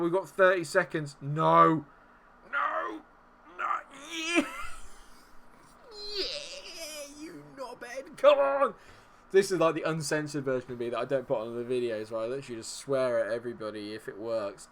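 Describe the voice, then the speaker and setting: A young man commentating his own game on stream, muttering tensely and then yelling and swearing. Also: a little high. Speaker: gaming streamer.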